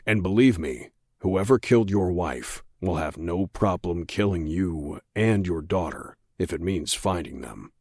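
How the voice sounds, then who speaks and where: A menacing male federal agent, as a man puts him on in an audiobook, low-voiced and measured. He speaks slowly, with quiet, controlled threat, and the recording is close and dry with no room sound. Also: no echo. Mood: cold, insistent.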